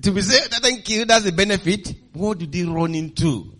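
High-pitched guy preaching, big emphatic call-and-response, laughs a lot. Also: normal speed. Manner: laughs often, swings loud and soft. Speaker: pastor. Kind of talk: sermon.

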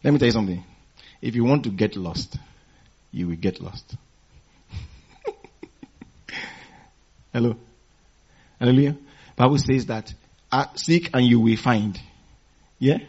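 A man's voice: medium pitch, a little slow, long pauses, darkish tone, breathy edge. A man preaching a sermon, calling and responding with the congregation and telling stories with chuckles. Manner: call-and-response preaching, asking the congregation to finish phrases; storytelling with chuckles. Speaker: pastor. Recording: dull lo-fi recording.

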